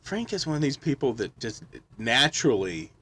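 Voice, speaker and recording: A man's voice: mid-range voice, sing-song, moderate pace, a bit bright, a little hiss or hum. A man talking loosely and swearing in a casual podcast chat. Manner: loose, laughing, swears freely.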